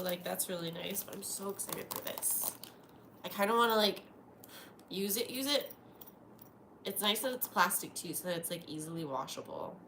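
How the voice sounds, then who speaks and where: A woman's voice: medium pitch, creaky, reverberant. A young woman live-streaming a casual unboxing from home, gasping and gushing with delight as she talks to her viewers. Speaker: livestreamer. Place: home at night. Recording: noisy home stream audio.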